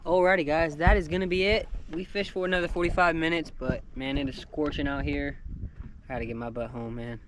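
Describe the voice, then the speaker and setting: A young man talking casually and excitedly to an action camera, outdoors on the water. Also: a little high, a little fast, a little hiss or hum. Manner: excitable, hyped, slangy. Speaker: fishing vlogger. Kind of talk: casual vlog commentary.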